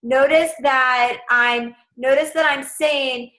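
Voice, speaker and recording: A woman's voice: fairly high pitch, moderate pace, sharp tone, low-quality recording. A young adult woman coaching her sales team in a casual, upbeat, direct way.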